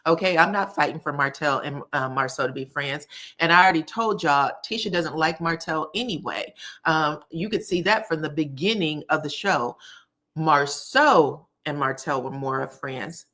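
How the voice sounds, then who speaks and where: A woman hosting a casual live recap of a reality show, her voice sitting a little low. She chats freely, calls her viewers baby and honey, and jumps up in pitch whenever she acts out what the cast said. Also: moderate pace. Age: adult, married. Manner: acts out quotes from the scenes with lively pitch jumps.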